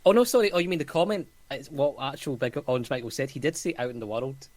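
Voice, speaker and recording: A man's voice: medium pitch, quick pace, a little mellow. A man with a Scottish accent, co-hosting a casual podcast over a call and laughing often between phrases. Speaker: podcast co-host. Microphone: remote call mic.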